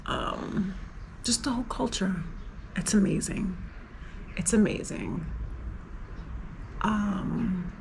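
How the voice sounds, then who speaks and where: A woman's voice: medium pitch, slow pace, vocal fry, pauses often, a little mellow, a little hiss or hum, poor audio. Chatty New woman vlogger. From New York, USA. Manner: emotional, rambling, lots of "like" fillers. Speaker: travel vlogger. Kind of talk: casual personal vlog.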